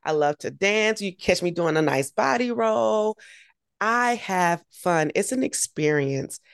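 A woman guest, a triathlete and race announcer, telling her story in an energetic, animated way. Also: medium pitch, a little slow, vocal fry, clean tone, no room sound, clean studio sound. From United States.

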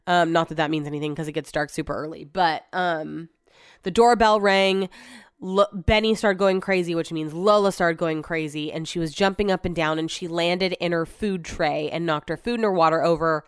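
A woman's voice: on the low side, steady tone, normal speed, clean tone, dry recording, clean studio sound. A woman hosting a podcast from home, talking in a rambling, casual way and swearing freely. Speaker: podcast host. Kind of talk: casual solo chat.

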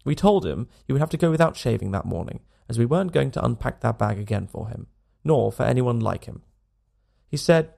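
A man reading a classic novel aloud as a bedtime story host, with calm, expressive narration. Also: mid-range voice, a little fast, gravelly. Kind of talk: audiobook narration.

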